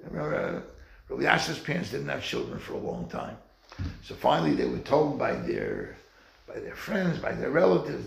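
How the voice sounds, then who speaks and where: A man's voice: moderate pace, vocal fry, echoey room. A man teaching a Torah class, acting out the voices of the people in his stories. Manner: animated, acts out quoted voices with wide pitch swings.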